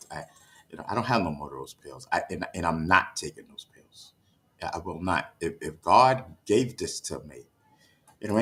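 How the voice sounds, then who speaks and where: A man with a lowish voice chats loosely with his live stream audience. He is winded and keeps sighing as he gets his breath back. He stumbles over restarts and keeps checking in with his listeners. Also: a bit bright. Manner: sighing, stammering restarts, keeps asking "you know what I mean". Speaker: livestreamer reading chat. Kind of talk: casual livestream chat. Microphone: streaming setup mic.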